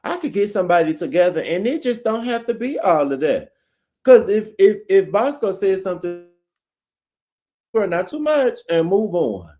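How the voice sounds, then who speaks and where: A man's voice: sits high, sing-song, normal speed, dark tone. A man co-hosting a podcast, giving blunt opinions in casual chat and mimicking others with mocking quotes. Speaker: podcast co-host.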